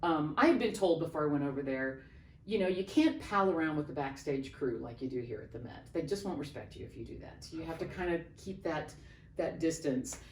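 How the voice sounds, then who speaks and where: Middle-aged woman, opera singer guest, lively storyteller, lowish voice, roomy echo, mic set back. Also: fairly quick. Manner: animated anecdote-telling, acting out quoted voices. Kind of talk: casual interview storytelling. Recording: roomy, distant mic, faint background noise.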